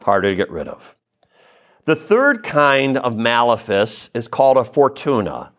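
A man's voice: medium pitch, sing-song, unhurried, a bit bright. A man giving a conversational religious teaching, addressing listeners directly with frequent asides and checks like "okay?". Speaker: Catholic teacher or preacher. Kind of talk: spoken teaching talk.

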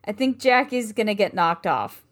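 A woman playing a tabletop game, speaking in a playful, deliberate way. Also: medium pitch, sing-song, fairly bright tone. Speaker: player. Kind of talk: casual tabletop play.

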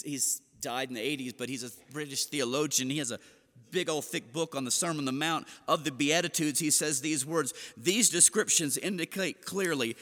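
A middle-aged man preaching a seated sermon, telling stories and acting out quoted voices. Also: mid-range voice. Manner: storytelling, animated quoted voices. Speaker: pastor. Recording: long hall reverb.

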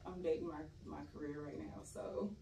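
A woman's voice: sits low, fairly even intonation, moderate pace, vocal fry, mellow. Laid-back young woman, candid. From California. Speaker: actress guest. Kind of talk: casual interview chat. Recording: roomy echo, voice a bit far from mic, faint noise.

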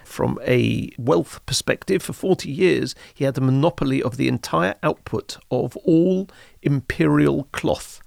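A man, explaining history in a measured, informative podcast conversation. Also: mid-range voice, gravelly, a little mellow, no room sound, studio quality. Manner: measured, informative, uses Hebrew terms. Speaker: history podcast guest expert.

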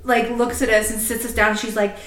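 A woman's voice: fairly high pitch, little pitch movement, a little fast, echoey room, a crowd in the background, low-quality recording. A woman co-hosting a podcast, chatting casually, laughing often and swearing freely as she tells stories. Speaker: podcast co-host. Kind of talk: casual chat, storytelling.

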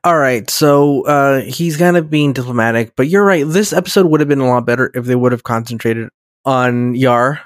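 A man's voice: mid-range voice, moderate pace, no room sound, studio quality. A man in casual podcast chat, rambling, swearing freely and acting out characters. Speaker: podcast co-host.

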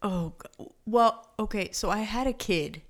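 A woman with a mid-range voice telling stories in a casual chat. She is lively, laughs often and swears now and then. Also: medium pitch, a little slow.

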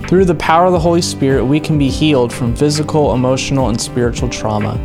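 A male pastor giving a calm, measured introduction and reading scripture. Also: medium pitch. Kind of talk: recorded sermon introduction. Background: guitar music.

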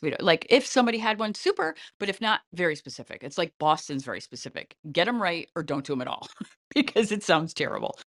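A middle-aged woman speaks as a casting director in an interview, animated and talkative, with light laughs running through her advice. Her voice sits a little low for a woman. The recording is dry and close, with no room sound. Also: fast, no room sound. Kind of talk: interview answers, giving advice.

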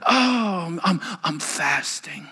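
Need a man doing a self-pitying mock-pious moaner, dropped low and soft, reverberant church hall. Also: expressive, measured pace. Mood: moaning. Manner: moaning, sighing, mock-pious. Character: whiny self-pitying man showing off his fasting.

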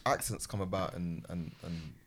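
A man's voice: low voice, fairly even intonation, normal speed, creaky, a loud crowd. A young man in casual chat, asking curious, musing questions among friends.

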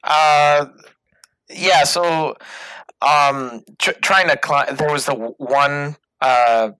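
A man's voice: a little high, extremely slow, bright, forceful tone, smooth, no echo, rough recording. A man co-hosting a casual talk show, speaking hesitantly with many fillers and restarts. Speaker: podcast co-host. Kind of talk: casual chat.

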